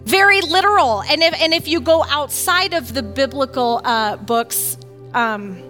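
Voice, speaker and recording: A woman with a high, bright, ringing voice gives a casual teaching talk on faith, speaking a little slowly but with energy and emphasis. She's animated and often acts out what other people say, while faint music plays underneath.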